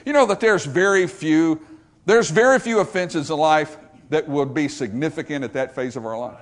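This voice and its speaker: A man preaching a sermon, emphatic and repetitive, swinging from loud stresses to hushed lines. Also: on the high side, normal speed.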